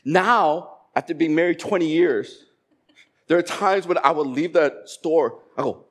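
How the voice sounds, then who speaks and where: A man in his forties, from Korea, preaching a sermon and telling stories with animated voices for the people in them. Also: fairly high pitch, unhurried. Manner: animated storytelling, acting out dialogue. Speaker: pastor.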